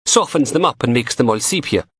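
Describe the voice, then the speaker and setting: A male narrator voicing a punky young female forensic technician who teases in a dry, deadpan way. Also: mid-range voice, a little fast, husky, dry recording, voice pushed up. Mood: teasing.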